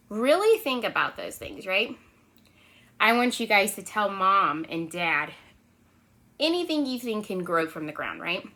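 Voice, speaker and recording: Bright, sing-song preschool teacher woman. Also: medium pitch. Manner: lively sing-song, constant "right?" check-ins. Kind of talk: remote lesson for young children.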